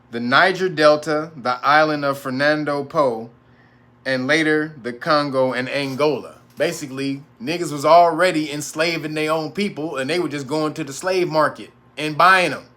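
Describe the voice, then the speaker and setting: Bright-voiced, laughing, profane man. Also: on the high side. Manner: rambling, profane, laughs a lot. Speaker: host. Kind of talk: casual livestream monologue.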